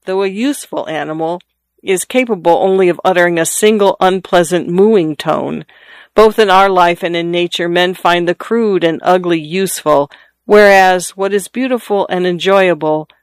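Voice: medium pitch, smooth, dry recording, close to an everyday voice. A reader voicing a skeptical old father who grumbles and mocks in a dry, philosophizing way.

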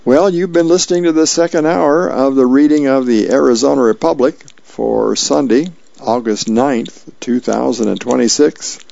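A man's voice: mid-range voice, normal speed, gravelly, mellow, no room sound. A man volunteering as a radio reader, reading the newspaper aloud plainly with small slips, in a dull lo-fi radio recording.

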